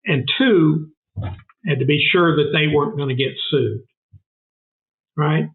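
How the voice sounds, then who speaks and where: A man's voice: fairly high pitch, measured pace. An older man with a Southern US accent, a guest telling earnest, emphatic stories in a casual interview. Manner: emphatic, earnest, repeats for stress. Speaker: guest, food bank founder. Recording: narrow phone-like sound.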